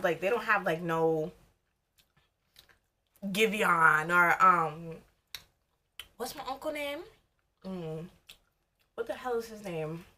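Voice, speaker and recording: A young American woman vlogger chats casually while eating for a mukbang video. Her voice is fairly low, bright and forceful, and her talk rambles in a loose, candid way between bites.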